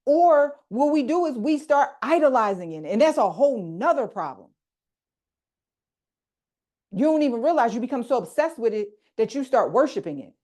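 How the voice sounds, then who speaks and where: A woman coaching a group on a video call, teaching in a casual, animated way and talking straight to her listeners with slang. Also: fairly high pitch, normal speed. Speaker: coach leading a group workshop.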